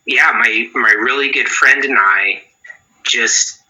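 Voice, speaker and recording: A man's voice: mid-range voice, takes it slowly, sharp tone, rough recording. A man around forty, a guitar pedal builder, giving rambling interview answers with many restarts.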